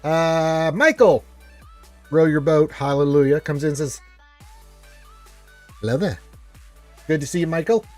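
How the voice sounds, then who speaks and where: A man's voice: a little high, unhurried, long pauses, faint music behind. A man hosting a casual gaming live stream, chatting loosely and reading out viewer greetings.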